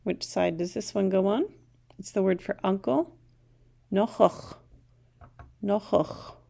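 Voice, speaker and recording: A woman's voice: medium pitch, moderate pace, creaky, dark tone. A woman teaching a recorded language lesson, patiently saying each word twice.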